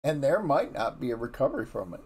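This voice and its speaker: A man's voice: medium pitch, big pitch swings, fast, darkish tone, breathy edge. Frank, folksy man teaching a devotion. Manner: folksy, conversational, frank, with frequent restarts. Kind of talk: casual morning Bible devotion.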